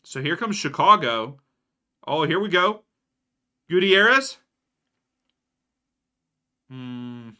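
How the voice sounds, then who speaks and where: A man's voice: a little high, animated, measured pace, pushed and bright. A young adult man doing casual live match commentary for a watchalong stream, reacting to plays and answering viewers by name. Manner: casual, reacts to plays and reads out chat names.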